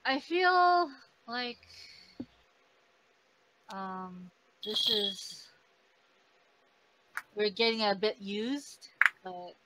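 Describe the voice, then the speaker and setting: A woman talks slowly and hesitantly as a player in a tabletop game, full of fillers. Clear background noise sits under her voice. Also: mid-range voice, expressive. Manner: hesitant, halting, many fillers. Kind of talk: casual game talk.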